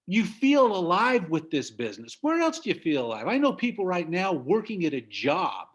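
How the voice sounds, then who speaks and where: A man's voice: high-pitched, wildly swooping pitch, normal speed, husky. A middle-aged man from the United States giving an emphatic motivational business talk over a video call. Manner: emphatic, preachy, laughs at own stories. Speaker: business trainer.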